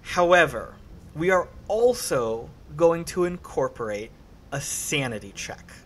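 A male game master with a slightly higher voice, cheerfully walking his players through dice rolls. He explains rules patiently and keeps an upbeat tone, with a faint hiss in the background. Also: expressive, a little slow, a bit bright. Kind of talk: running a tabletop horror game.

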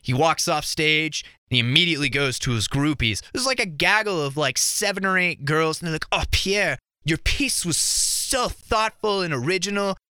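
A man's voice: on the high side, moderate pace, few pauses, smooth, no room sound. A young man, a podcast guest, telling a crude first-date story with lots of swearing in a college radio studio. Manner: animated, crude, swears freely. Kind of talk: casual storytelling.

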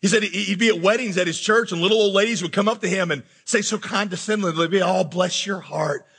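A man preaching to a congregation with a high, bright, somewhat husky voice. He delivers an animated sermon and acts out anguished questions to God. His voice rings out with the long reverb of a large sanctuary. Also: fast. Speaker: pastor.

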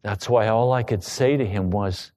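A man preaching a sermon, telling a personal story with emotion that rises to loud pleading. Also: lowish voice, normal speed. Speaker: pastor.

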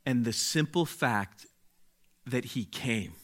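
A male pastor preaching a sermon slowly and emphatically, with dramatic pauses and rising swells of volume. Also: medium pitch, expressive.

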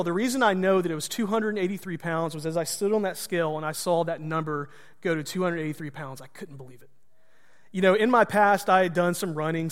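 High-voiced pastor telling a story. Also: male voice, long reverb tail. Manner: conversational, self-deprecating humor. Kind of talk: storytelling sermon.

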